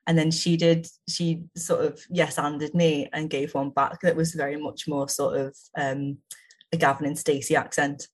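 A woman's voice: low-pitched, flat delivery, moderate pace, husky. A woman improv performer being interviewed, chatting eagerly and laughing often. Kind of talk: casual chat.

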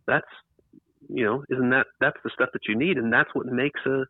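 A man's voice: mid-range voice, fairly even intonation, moderate pace, husky, dry recording. A man being interviewed about his book, talking in a rambling way with restarts and emphatic repeats. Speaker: author and interview guest. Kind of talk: casual interview talk. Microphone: computer microphone. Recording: tinny phone-like line, dry.

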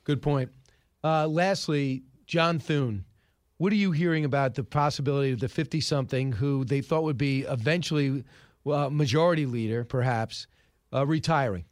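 A man hosting an interview, putting short, brisk questions with a wry touch. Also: medium pitch, dry recording, studio quality. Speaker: host.

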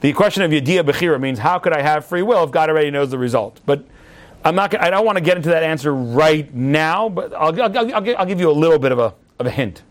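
Man, rabbi, high voice, lively storytelling class. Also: fast. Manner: lively storyteller, acts out yelling at a TV. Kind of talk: animated classroom teaching.

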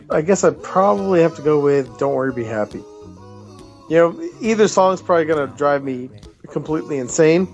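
A man giving a hesitant, stammering interview answer. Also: medium pitch. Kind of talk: casual street interview answer. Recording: dull lo-fi recording, faint music.

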